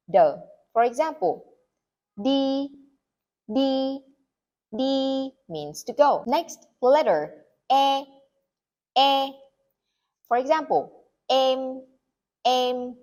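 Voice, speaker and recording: A young woman with a Vietnamese accent teaching a pronunciation lesson, repeating each sound slowly and clearly so the listener can say it along. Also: fairly high pitch. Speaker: language tutor.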